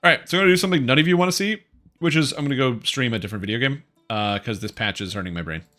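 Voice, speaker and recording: A man's voice: mid-range voice, racing, bright, forceful tone. A man streaming a video game, chatting casually in a rambling, offhand and opinionated way. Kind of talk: casual live-stream commentary.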